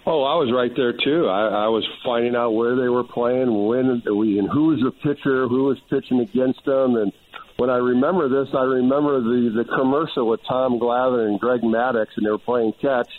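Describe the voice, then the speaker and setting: A man's voice: mid-range voice, steady tone, moderate pace. Man telling stories over a tinny line. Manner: enthusiastic storyteller. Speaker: radio co-host. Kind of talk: casual radio chat.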